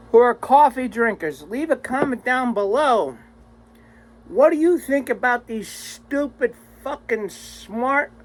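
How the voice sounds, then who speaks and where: A man's voice: very high voice, poor audio. A man vlogging a rambling, exasperated, profanity-heavy rant to his viewers. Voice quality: crude, swears constantly, exasperated.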